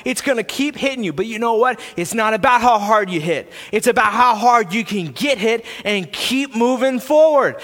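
Man, pastor, sermon, high voice, bright tone, church sanctuary. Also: expressive, moderate pace, hardly any pauses. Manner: earnest, builds to impassioned preaching. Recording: long church reverb.

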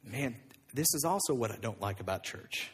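A man preaching a sermon, moving between loud, animated emphasis and quiet, hushed passages. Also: medium pitch, moderate pace, slightly rough. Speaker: pastor.

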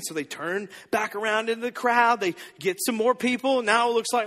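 A man in his thirties preaching a sermon, telling the story with lively, acted-out voices. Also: high-pitched, a little fast, in a large hall. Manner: animated storytelling, acting out the disciples' voices. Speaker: pastor.

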